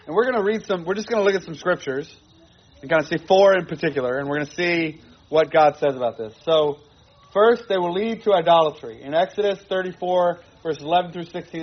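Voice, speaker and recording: A man's voice: a little high, expressive, a little fast, muffled recording. A man preaching a sermon to his congregation, earnest and repeating phrases for emphasis. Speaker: pastor.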